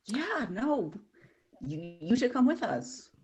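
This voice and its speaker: A woman playing a character in a tabletop game, soft-spoken and hesitant. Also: on the high side, big pitch swings, slow. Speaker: player.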